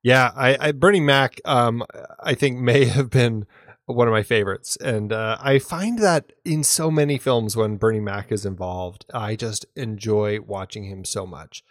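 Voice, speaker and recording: A man's voice: mid-range voice, a little slow, no room sound, clean studio sound. A man co-hosting a podcast, chatting casually and enthusiastically about a film and often restarting his sentences. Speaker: podcast co-host.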